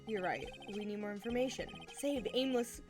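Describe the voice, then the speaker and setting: A woman's voice: mid-range voice, normal speed, a little mellow, soft background music, close to an everyday voice. A woman voicing an earnest young male defense lawyer in a plain, earnest way.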